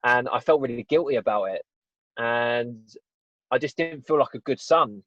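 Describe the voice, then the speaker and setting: An English man appears as a podcast guest, earnestly rambling through a personal story in a casual interview and often tossing in "you know" and "right?". His medium-pitched voice moves at normal speed with a fairly bright tone, and the podcast audio is dull and dry, with no echo.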